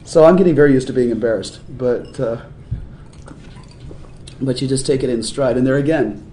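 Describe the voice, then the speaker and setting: Guy musician telling stories, laughs a lot, middle pitch, echoey room w faint hiss. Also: moderate pace. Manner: animated storyteller, laughs often. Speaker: musician guest. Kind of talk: casual interview talk. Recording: roomy echoey room sound.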